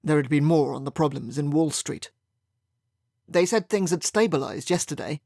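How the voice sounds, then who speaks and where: A man's voice: fairly high pitch, moderate pace, creaky, darkish tone, no room sound, studio quality. A man narrating a first-person mystery audiobook in a wry, sardonic manner.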